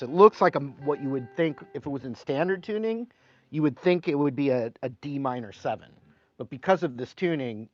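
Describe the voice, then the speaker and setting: A man teaching guitar in a casual live stream, chatting and reading viewer comments aloud between playing. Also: medium pitch. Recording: slightly dull sound with guitar playing.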